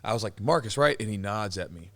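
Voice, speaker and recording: A man's voice: on the low side, steady tone, quick pace. A man hosting a podcast, telling stories casually with lots of fillers, restarts and laughter. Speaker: podcast host, former fighter. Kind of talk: casual storytelling chat.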